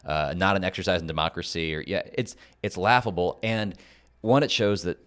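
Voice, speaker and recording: A North Carolina man co-hosts a casual political podcast, speaking animatedly and frequently restarting sentences. His low voice is smooth and fairly quick.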